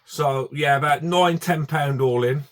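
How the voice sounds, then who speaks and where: A man's voice: a little high, a little slow. A man chatting casually to camera about his DVD collection, enthusiastic and full of fillers and restarts.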